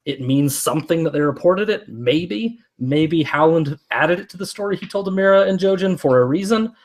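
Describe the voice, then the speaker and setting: Male podcast guest, slightly high voice, measured debater. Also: lively intonation. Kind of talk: casual podcast discussion.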